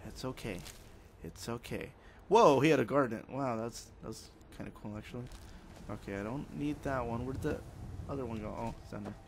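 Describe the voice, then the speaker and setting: Young man, let's play commentary, rambling and jokey, mid-pitched voice, faint hiss. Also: brisk, gravelly. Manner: rambling, joking, talks to himself and the game. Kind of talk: casual gameplay commentary.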